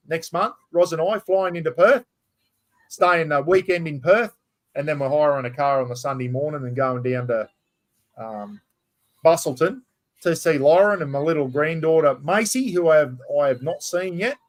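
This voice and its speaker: A man's voice: on the high side, normal speed. A middle-aged man with an Australian accent hosts a casual live-stream chat, talking bluntly and chattily, swearing freely and calling people mate. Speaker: livestream host.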